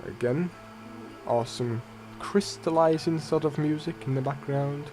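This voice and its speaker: A man's voice: a little high, unhurried. A man hosting a let's play, giving casual, rambling gameplay commentary that often corrects itself. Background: faint game music.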